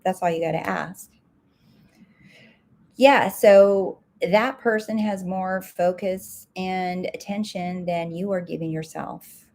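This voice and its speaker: A woman's voice: fairly low pitch, steady tone, slow pace, a little mellow. A woman success coach answering viewer comments live, direct and emphatic, repeating her key points.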